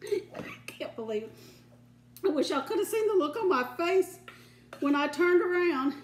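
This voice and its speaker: A woman's voice: very high-pitched, lively intonation, moderate pace, reverberant. An older woman hosting a home cooking show, chatting in a folksy way and giggling often. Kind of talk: casual home cooking demonstration. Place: home kitchen.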